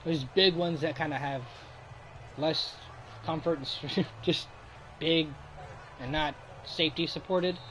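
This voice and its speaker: A man's voice: on the high side, steady tone, unhurried, pauses often, fairly bright tone, slight background noise. A man hosting a casual chat, rambling through stories with frequent laughs and trailing off. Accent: Boston. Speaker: host.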